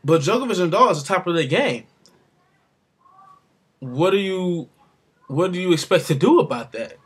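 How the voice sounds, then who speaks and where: A man's voice: high voice, expressive, normal speed, slightly rough. A man giving his casual, rambling opinions on the sport, with offhand asides. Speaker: sports commentator vlogger.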